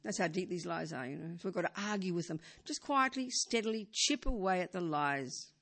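This older woman, a Buddhist teacher, talks informally in a conversational style full of "you know" and rhetorical questions. Sometimes she's emphatic, sometimes hushed. Her voice is on the low side, expressive, and fairly quick.

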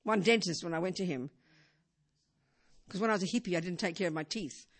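Speaking in a lowish voice at a slightly fast clip, an older woman teaches as a Buddhist in an informal talk. She leans on "you know" and rhetorical questions, her delivery ranging from emphatic to hushed.

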